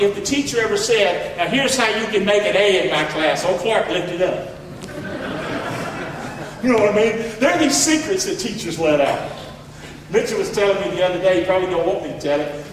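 A man preaching a sermon in a folksy, preacherly way that rises to shouts, recorded from far off in an echoey hall. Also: high voice, slight background noise. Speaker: pastor.

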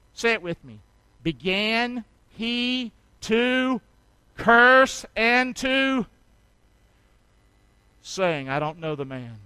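High-voiced preacher calling out. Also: male voice, no echo, low-quality recording. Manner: call-and-response preaching, swinging from hushed to shouting. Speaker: pastor. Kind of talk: sermon.

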